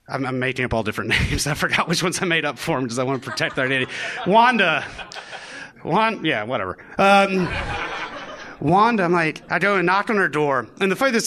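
A former prosecutor telling a comic story on stage, animated and acting out the people he quotes. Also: high voice.

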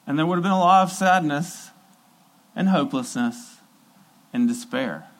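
A man's voice: a little high, expressive, moderate pace, rough recording. A man preaching a sermon in an earnest, emphatic way, repeating key phrases for weight.

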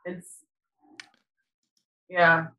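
A woman's voice: very slow, dull audio. A woman co-hosting a podcast in casual chat, teasing and playful. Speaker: podcast co-host.

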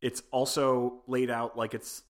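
Brief: man on a film podcast, mid-pitched, rambling casual recap, amused, filler-heavy. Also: level tone, a little slow. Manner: rambling plot retelling full of "like" and "you know"; amused, laughs between sentences. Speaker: podcast panelist.

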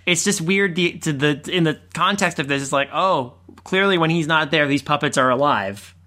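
Bright, joking podcast co-host. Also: mid-range voice, moderate pace. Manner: joking, riffs on asides. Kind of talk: casual movie discussion.

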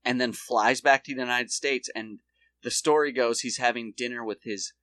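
A man's voice: medium pitch, fairly even intonation, normal speed, sharp tone, dry recording. Rambling, swearing male podcast co-host. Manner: rambling storyteller, swears, acts out quotes in shifting voices. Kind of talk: casual chat.

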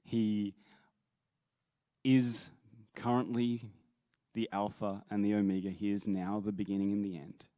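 A man's voice: lowish voice, flat delivery, unhurried, dark tone, dry recording, studio quality. A man speaking as a worship leader, giving an earnest sermon-style talk that stumbles over restarts and then rises into emphatic quoted scripture.

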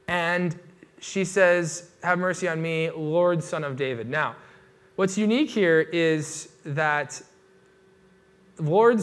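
A man delivers a sermon in a relaxed, conversational manner, his voice sitting a little high. He leans on fillers and restarts and swings between emphatic bursts and quieter asides. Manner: casual and animated, many "like" fillers and restarts.

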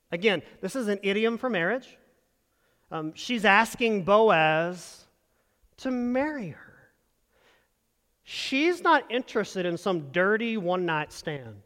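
A man's voice: high voice, big pitch swings, a little slow, fairly bright tone, in a large hall. A man preaching a sermon in a conversational way, asking the congregation rhetorical questions as he explains a passage. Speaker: pastor.

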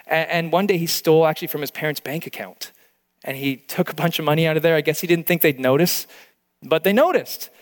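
Man, pastor, sermon, earnest, a bit high-pitched, church hall reverb. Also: fairly quick. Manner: earnest, emotional at times, with frequent restarts.

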